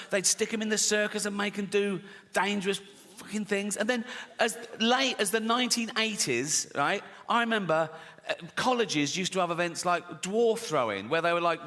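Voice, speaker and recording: With a high-pitched, sharp voice at normal speed, a middle-aged man performs profane stand-up, spinning stories and repeatedly asking "right?" The audience can be heard laughing.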